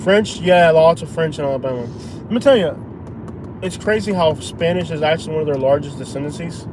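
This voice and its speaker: A man's voice: fairly high pitch, fairly quick. A man hosting a live stream, chatting casually and arguing his point insistently from inside a car. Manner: argumentative, insistent. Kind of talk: casual chat. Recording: road noise in a car.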